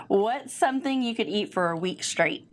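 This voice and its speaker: Lively woman asking rapid-fire questions. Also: medium pitch. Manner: cheerful, giggly. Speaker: interviewer. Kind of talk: quick-fire interview questions.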